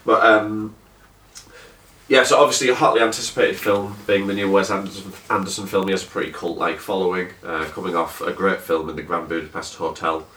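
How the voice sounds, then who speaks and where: A man's voice: deep voice, fairly even intonation, brisk, pushed and bright, distant mic. A man hosting a casual film review, rambling with lots of fillers and restarts, recorded in an echoey room some way from the mic. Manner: rambling, hesitant with many fillers. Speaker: podcast host reviewing a film.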